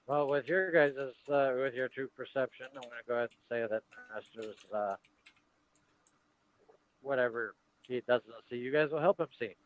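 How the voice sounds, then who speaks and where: A man in the game master's seat, describing the scene at a steady, unhurried pace with the odd "uh" between phrases. His voice sits at an ordinary middle pitch, heard through a plain call mic. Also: no echo, phone-quality sound. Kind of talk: narrating a tabletop game over voice chat.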